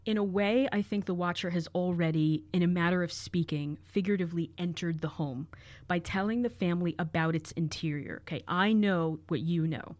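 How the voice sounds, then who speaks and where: A woman's voice: lowish voice, fairly quick, a little mellow, dry recording. A woman co-hosting a true crime podcast, carefully analyzing and reading out quoted letters. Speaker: podcast co-host.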